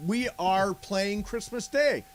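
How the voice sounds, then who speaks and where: A man's voice: high voice, slow pace, slight background noise. A man hosting a radio talk show, chatting and joking with guests. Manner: animated, joking. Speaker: radio host. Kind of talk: casual on-air chat.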